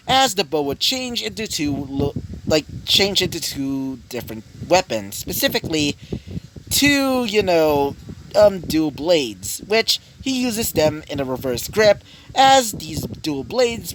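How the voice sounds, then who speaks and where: A man improvising a fan story aloud, rambling with many fillers and restarts. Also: on the high side. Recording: noisy home recording.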